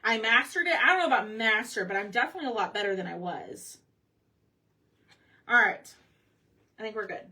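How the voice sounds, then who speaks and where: A woman's voice: mid-range voice, expressive, fairly quick, pauses often, bright, forceful tone, recorded from a distance. Chatty woman crafting live. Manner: chatty, talks to viewers by name. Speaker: craft livestream host. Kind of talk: casual live craft chat. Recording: faint room noise, somewhat off-mic.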